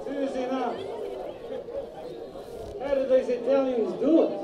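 A man in a band, telling crude jokes deadpan between songs into the PA at a small club. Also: extremely high pitch, unhurried, highs cut off, background noise. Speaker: band member on stage. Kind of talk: stage banter telling jokes. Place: small live music venue, indoors. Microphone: stage PA heard from the audience. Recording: echoey club, taped far from stage. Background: loud crowd.

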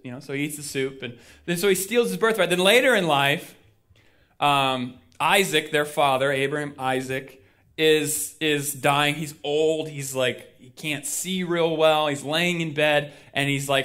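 A man's voice: fairly high pitch, a little slow, a bit bright. A male pastor preaching a sermon in a casual storytelling way, acting out the people he quotes, with lots of fillers. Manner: chatty with many fillers.

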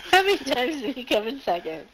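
A woman's voice: high-pitched, big pitch swings, a little fast, background noise. A woman chatting casually while streaming a game; she laughs a lot and swears freely. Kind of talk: casual gaming chat.

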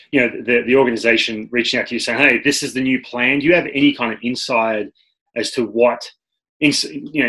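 Animated, bright-voiced male host. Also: mid-range voice. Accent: Australian. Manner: animated storyteller, many restarts. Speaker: podcast host and former pitcher. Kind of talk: casual interview chat.

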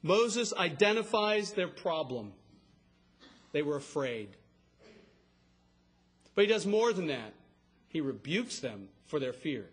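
A man preaching an expository sermon, emphatic and rising to a shout on key words. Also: on the high side, big pitch swings, slow pace, long pauses, husky. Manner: expository, explains scripture line by line. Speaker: pastor.

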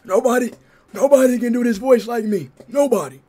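Excitable high-voiced young male streamer. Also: brisk. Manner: loud, excitable, repetitive. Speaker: livestreamer. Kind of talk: live stream chat.

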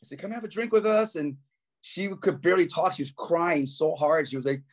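A man's voice: fairly high pitch, fairly quick. A man, a guest musician, telling stories in casual talk and acting out quotes with a raised voice. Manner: animated, acts out quotes in raised voice. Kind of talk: casual storytelling.

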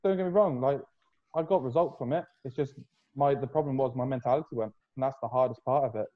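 A man's voice: medium pitch, fast talker, narrow, tinny audio. A young man chatting casually on a podcast, rambling loosely and swearing freely. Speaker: podcast host, fitness coach. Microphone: video call.

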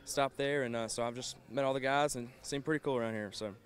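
Young male ballplayer, quick and polite, a bit off-mic. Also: medium pitch, clear, resonant tone. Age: young adult. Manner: relaxed, polite, trails off. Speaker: baseball player.

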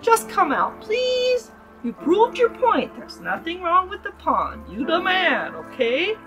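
Casting: woman reading as a nervous young woman pleading, lively pitch. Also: slow, faint music behind, exaggerated voice. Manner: pleading, worried, raised voice.

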